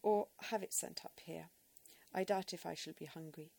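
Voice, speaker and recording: A woman's voice: lowish voice, fairly even intonation, normal speed, vocal fry, dark tone, breathy edge, dry recording. Woman reader as dramatic older matron, huffy, clipped. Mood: put-upon. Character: fussy older English lady, indignant and dramatic.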